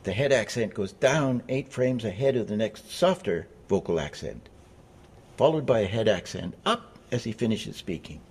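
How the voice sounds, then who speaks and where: A man reading scripted narration for an instructional video, measured and explanatory. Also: on the low side, expressive, slightly rough.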